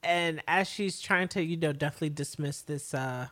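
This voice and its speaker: Hesitant podcast co-host, mid-pitched voice. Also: normal speed, fairly bright tone. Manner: hesitant, many fillers, laughs often. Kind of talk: casual chat recapping a TV show.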